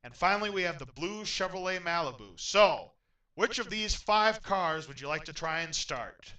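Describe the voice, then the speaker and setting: A man hosting a game show in an upbeat, announcer-like way, getting loudly excited when a contestant wins. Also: a little high, moderate pace, recorded from a distance, poor audio.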